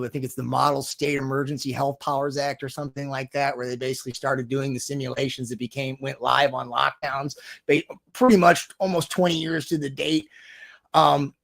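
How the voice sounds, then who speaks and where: Guy guest with a gravelly voice, rambly and hesitant, kinda high pitched. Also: a bit bright. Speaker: guest researcher. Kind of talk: casual chat.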